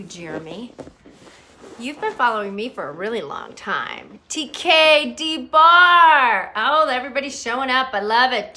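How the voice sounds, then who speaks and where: Slow, bright-voiced woman livestreaming. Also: mid-range voice. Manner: rambling, greets viewers by name. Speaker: livestream host. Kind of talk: unscripted live chat. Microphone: phone.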